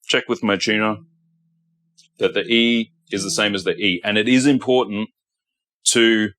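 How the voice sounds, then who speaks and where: Man, guitar tech tutorial, blunt and repetitive, low voice, dry sound. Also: steady tone, unhurried, fairly bright tone, no echo. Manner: blunt, repeats himself, says okay often. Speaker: guitar technician. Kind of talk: workshop tutorial.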